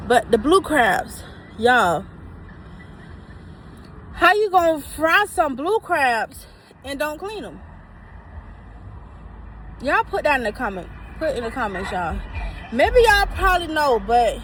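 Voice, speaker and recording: Woman vlogger, slow drawn-out talk, a bit high, faint street noise outside. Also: very animated, fairly bright tone, rough recording. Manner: emphatic, repeats herself, addresses viewers as y'all. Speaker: vlogger reviewing food. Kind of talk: casual vlog talk to viewers. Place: outdoors by a truck.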